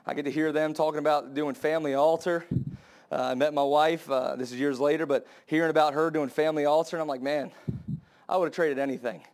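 A young adult man preaching a sermon to his church, impassioned and building to high, emphatic cries. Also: fairly even intonation, fast talker, darkish tone. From United States.

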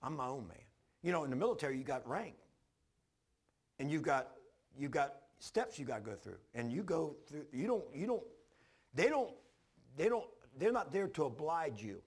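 Gravelly older male preacher. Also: fairly high pitch, sing-song, normal speed. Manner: folksy, repetitive storytelling with sudden loud bursts. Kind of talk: sermon with personal testimony.

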